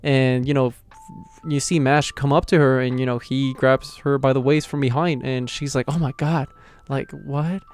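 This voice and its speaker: Excitable young man recapping anime. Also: medium pitch, normal speed, clear, resonant tone. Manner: excitable, slangy storytelling. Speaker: anime reviewer. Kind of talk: casual reaction recap.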